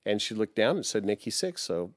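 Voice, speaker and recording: A man's voice: fairly low pitch, big pitch swings, fairly quick, no room sound, studio quality. A man in his sixties, a guest musician, telling stories in a casual interview, rambling and anecdotal with many fillers.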